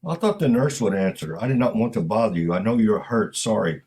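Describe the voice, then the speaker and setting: A man voicing a hesitant male building manager who speaks in halting, clipped phrases, in a spoken story. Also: fairly low pitch, lively intonation, a little mellow.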